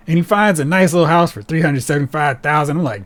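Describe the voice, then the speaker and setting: A man with a somewhat raised pitch hosts a casual podcast. His talk is animated and full of sarcasm, and he often mocks characters as he goes. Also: fast talker, hardly any pauses. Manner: animated and sarcastic, mocking characters in put-on voices. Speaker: podcast host.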